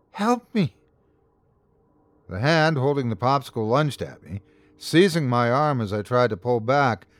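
A man hosting and narrating a scripted horror story in a measured, dramatic first-person telling. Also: medium pitch, no room sound. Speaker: host and narrator.

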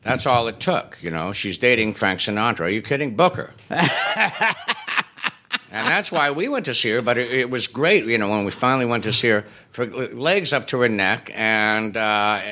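Wry storytelling man, bright voice. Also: mid-range voice, expressive, normal speed. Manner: wry, self-deprecating comic timing. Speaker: interview guest, musician. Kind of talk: anecdotal interview storytelling.

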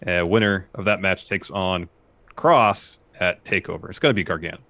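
A man's voice: low voice, moderate pace, sharp tone, no echo. A man co-hosting a podcast, walking through a wrestling recap in casual chat. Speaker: podcast co-host.

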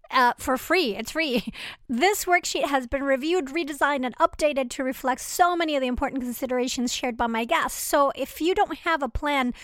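A woman's voice: high voice, a bit bright, dry recording, clean studio sound. A woman hosting a podcast, reading an upbeat introduction and asking questions in an enthusiastic, casual way with small laughs. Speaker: podcast host.

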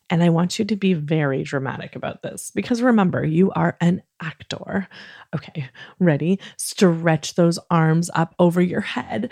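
Soft-spoken woman with a gravelly, warm voice. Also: on the low side, no room sound, clean studio sound. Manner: soft, soothing and encouraging, with playful drawn-out yawns. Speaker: kids podcast host. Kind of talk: gentle bedtime talk to children.

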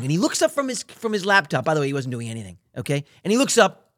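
A man's voice: a little high, sing-song, quick pace, fairly bright tone, no room sound. A man co-hosting a podcast, teasing his brothers in joking banter. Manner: teasing, mimics others. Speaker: podcast co-host.

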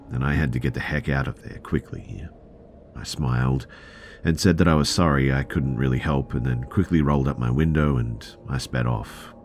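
A man reading a true scary story aloud in first person as a podcast narrator, at a steady, plain pace. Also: a bass voice, a little hiss or hum.

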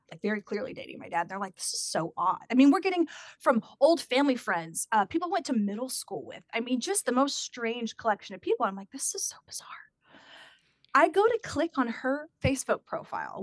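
A woman's voice: mid-range voice, no echo, clean studio sound. A woman telling a personal family story in casual chat, acting out the voices of the people she quotes. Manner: animated, acts out quoted voices.

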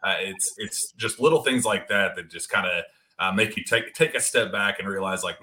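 A man hosting a sports podcast who chats in a relaxed way with many fillers. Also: low-pitched, fairly quick. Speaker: podcast host. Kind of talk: casual sports talk.

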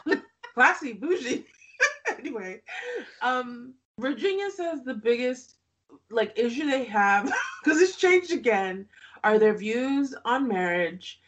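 A woman's voice: fairly high pitch, lively intonation, takes it slowly. A woman co-hosting a podcast, recapping a reality show in casual chat, often laughing and making sarcastic asides.

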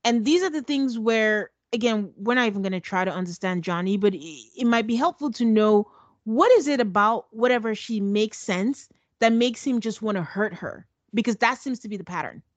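A woman co-hosting a podcast, recapping a reality show in a sarcastic, animated, chatty way. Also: a little high, normal speed, no echo, lo-fi sound. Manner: sarcastic, animated storytelling with acted quotes. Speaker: podcast co-host. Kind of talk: casual recap chat.

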